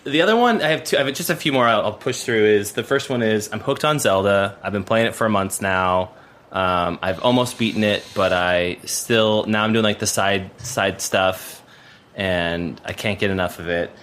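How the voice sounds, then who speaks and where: A man's voice: on the low side, moderate pace, a bit bright, slight background noise. A man producing a podcast, chatting casually and rambling with lots of fillers and restarts. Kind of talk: casual chat.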